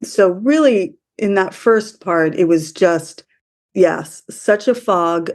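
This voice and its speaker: A woman from the US speaking as a podcast guest, emotional and halting, often restarting her sentences. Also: on the low side. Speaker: interview guest. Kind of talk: conversational interview.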